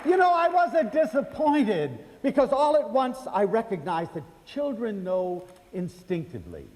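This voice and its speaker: Older man, storyteller, lively high voice, acts out voices, hall reverb. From United States. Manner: animated, acts out quoted voices, chatty fillers. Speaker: speaker telling personal stories. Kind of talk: storytelling lecture to an audience.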